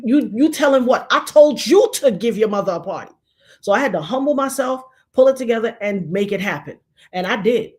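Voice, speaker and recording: A woman's voice: mid-range voice, darkish tone. A woman, telling a personal story dramatically, acting out the voices of the people she quotes and repeating lines for emphasis.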